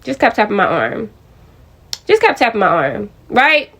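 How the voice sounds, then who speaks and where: A woman's voice: a little high, sing-song, normal speed, gravelly, a bit bright. A young adult woman telling a personal story to her viewers in a casual, chatty way, often addressing them directly. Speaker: vlogger.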